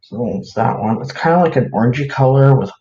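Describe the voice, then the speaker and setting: A man's voice: medium pitch, lively intonation, brisk, mellow. A man chatting casually on a livestream, rambling with lots of fillers as he shows his crafts to viewers. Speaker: live-streaming craft seller. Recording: roomy, dull lo-fi, faint hiss.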